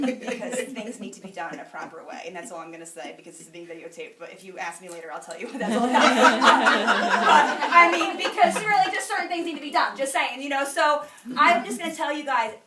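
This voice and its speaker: At a meeting, a sales director delivers a motivational talk in a medium-pitched, fairly quick voice over a noisy crowd. She's an animated storyteller who acts out the dialogue. The recording is echoey and distant, with faint noise from the meeting room.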